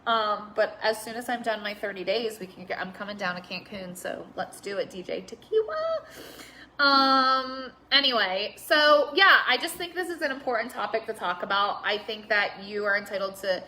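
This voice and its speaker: A woman's voice: mid-range voice, moderate pace, hardly any pauses, bright, forceful tone, a little hiss or hum. A young woman talking candidly on a live stream, rambling with lots of filler words and some swearing. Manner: reads out viewer comments. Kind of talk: casual Facebook Live chat.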